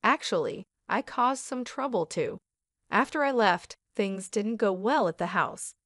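A woman narrating a first-person drama story in a steady, even delivery. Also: medium pitch, a little slow, dry recording, clean studio sound.

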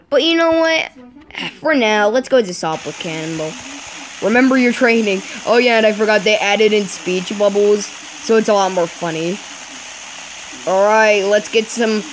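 A woman's voice: mid-range voice, slight background noise. A woman giving casual let's-play commentary, thinking aloud in a rambling way, with fillers and sudden exclamations. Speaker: gamer playing a strategy game.

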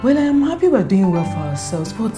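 A woman's voice: medium pitch, very animated, fairly quick, over music, natural voice. A woman playing a complaining Nigerian woman. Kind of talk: film drama acting.

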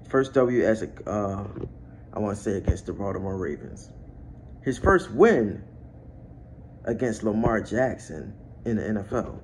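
Heated young man ranting about football. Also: a little hiss or hum. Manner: heated, swearing, pitch jumps to near-yelling when outraged. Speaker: YouTube sports vlogger. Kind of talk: angry fan rant.

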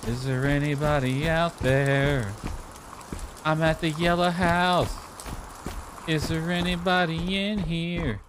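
Livestreaming a game, the man talks to himself playfully, sometimes calling out or singing in a mock-plaintive tone. His voice is on the high side and unhurried, with background noise.

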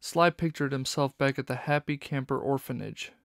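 A man narrating a children's novel audiobook in steady storytelling. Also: mid-range voice, normal speed, vocal fry, dry recording, clean studio sound.

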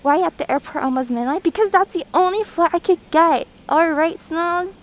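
A woman chatting casually on a live stream from an airport terminal, reading chat and greeting viewers excitedly, breathing heavily through a thick mask, recorded on a hand-held phone. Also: extremely high pitch, normal speed, rough recording.

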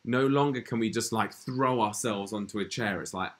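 A man's voice: lowish voice, normal speed, slight background noise. A British man co-hosting a casual live chat from a hotel room, with dry, self-mocking humour. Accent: British English. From Britain. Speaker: co-host.

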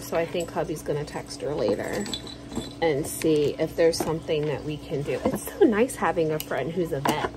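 A woman's voice: fairly low pitch, noisy background. A woman vlogger chatting casually to camera at home, telling stories in a slangy, joking way. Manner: chatty, slangy, jokey storytelling.

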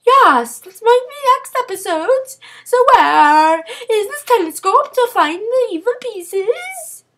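A woman's voice: very high voice, sing-song, slow pace, a bit bright. A young woman playing a game with a friend, in silly, dramatic, exclaiming commentary. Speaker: gamer.

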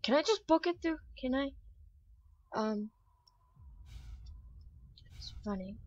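A young woman commenting on her own gameplay, excitable and chatty, shrieking when startled. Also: a little high, normal speed, long pauses, muffled recording. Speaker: gamer. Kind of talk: let's play commentary.

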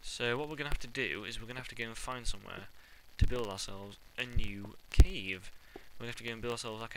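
A young man giving jokey commentary over his own game play, breaking into panicked yelling when things go wrong. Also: on the low side, gravelly, rough recording. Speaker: let's play gamer. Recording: loud background noise.

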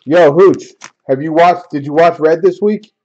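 A man's voice: fairly high pitch, normal speed, dark tone, dull audio. A man hosting a casual card-opening break, grumbling and joking with his viewers.

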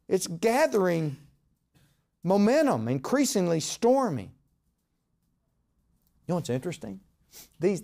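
Animated preacher with a lively voice. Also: male voice, high-pitched. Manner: animated, dramatic storytelling with quoted voices. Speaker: pastor. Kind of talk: sermon.

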